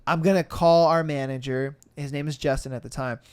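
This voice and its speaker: A man's voice: fairly quick, clean tone. A man hosting a podcast, telling a story casually, acting out quotes and swearing often. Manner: animated, acts out quotes with shifting pitch and volume, laughs and swears often. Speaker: podcast host.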